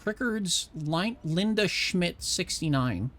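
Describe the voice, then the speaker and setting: A man's voice: high-pitched, animated, slow, fairly bright tone, slight background noise. A male streamer giving casual commentary while he plays, reading on-screen text aloud and stumbling over words.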